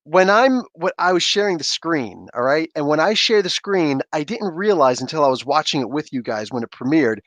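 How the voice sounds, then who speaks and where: Casual male streamer, slightly high and very lively voice, chatty and laughing, dry close mic. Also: normal speed, hardly any pauses, dry recording. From Canada. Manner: animated, laughs often, reads chat aloud. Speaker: livestream host. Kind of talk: casual livestream chat.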